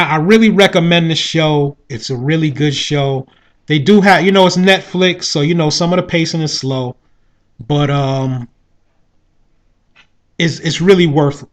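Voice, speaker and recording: Man chatting through a show review. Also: fairly high pitch. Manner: rambling, with frequent 'you know what I mean'. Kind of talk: casual spoken review.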